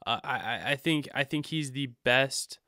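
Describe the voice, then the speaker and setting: A young man co-hosting a casual sports chat, excitable and rambling, with frequent restarts. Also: medium pitch, normal speed, no room sound, studio quality. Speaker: podcast co-host.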